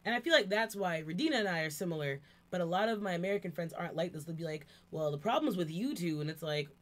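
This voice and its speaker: A woman hosting a casual chat, talkative and quick with asides. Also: fairly low pitch, animated. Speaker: channel host.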